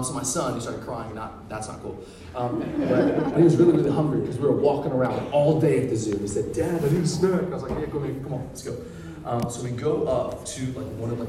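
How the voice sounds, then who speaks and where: A man in his thirties preaching a sermon, telling a family story casually, then rising into fervent preaching. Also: medium pitch. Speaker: pastor. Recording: echoey hall, distant mic, noisy.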